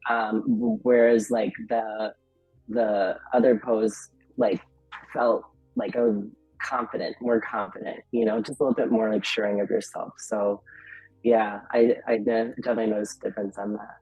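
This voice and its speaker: Husky, hesitant man sharing. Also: lowish voice, flat delivery, normal speed, no room sound, phone-quality sound, soft background music. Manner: hesitant, many fillers. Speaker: call participant. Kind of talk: casual group sharing.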